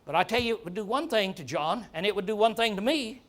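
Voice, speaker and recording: A man preaching with a high voice, earnest and emphatic. He often repeats words for stress and builds his points step by step. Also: animated, quick pace. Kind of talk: sermon.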